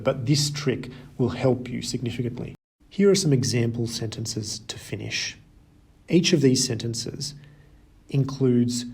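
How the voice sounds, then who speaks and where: A man teaching a German grammar lesson, explaining slowly and deliberately with German example words. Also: medium pitch, gravelly, mellow, husky. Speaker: language teacher. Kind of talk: scripted lesson narration.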